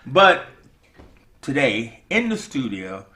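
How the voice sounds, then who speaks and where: American man, podcast host, studio chat, bright forceful voice, joking around. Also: mid-range voice, sing-song, takes it slowly. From United States. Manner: jokey, laughs often. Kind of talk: casual interview chat.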